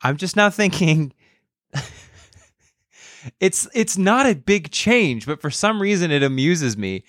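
A man's voice: on the high side, big pitch swings, slow, pauses often, fairly bright tone, no room sound, clean studio sound. A man in casual chat, amused and musing aloud. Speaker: podcast cohost.

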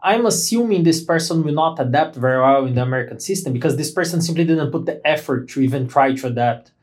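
A man, a physician hosting a podcast in animated, joking casual conversation. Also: a little high. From Brazil. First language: Portuguese. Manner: animated, joking, quick bursts of speech.

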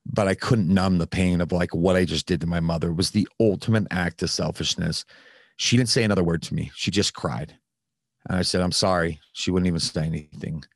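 A man's voice: deep voice, fairly quick, dry recording, clean studio sound. A man telling a candid personal story in casual conversation, with frequent fillers and some swearing. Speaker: podcast host, guest telling his recovery story.

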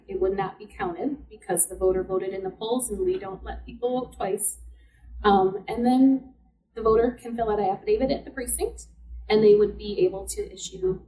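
A woman's voice: mid-range voice, mellow, roomy sound, far from the mic, low-quality recording. A woman working as a city clerk, explaining election procedures step by step in an interview. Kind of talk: informational interview answers.

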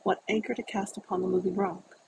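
A reader voicing a dying old suffragette woman who cries out in grief for her lost love, with a gravelly voice. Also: mid-range voice, flat delivery, brisk, lightly acted. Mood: anguished. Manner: lamenting, pleading cries. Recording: noisy recording.

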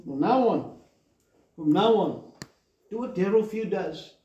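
A man's voice: high-pitched, expressive, measured pace, mellow, lo-fi sound. A man preaching a sermon emphatically, calling on the congregation for amens. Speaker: pastor. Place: church hall. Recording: echoey hall from far off.

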